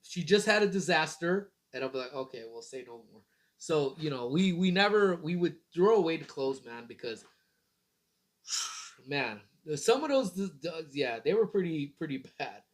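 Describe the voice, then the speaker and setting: A man's voice: on the high side, very animated, moderate pace. A man in his thirties hosting a casual morning livestream, rambling in a laid-back way and swearing casually. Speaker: livestream host.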